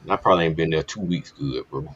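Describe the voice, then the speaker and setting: A man's voice: a bass voice, fast, fairly bright tone, slightly rough. A man casually telling a candid personal story on a podcast, speaking bluntly with plenty of profanity. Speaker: podcast co-host. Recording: dull lo-fi podcast audio.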